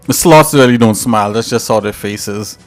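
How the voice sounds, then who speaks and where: A man's voice: lowish voice, fairly quick, soft background music. Rambling American man hosting a stream. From United States. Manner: rambling, talkative, filler-heavy. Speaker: live-stream host. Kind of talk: casual chat with stream viewers.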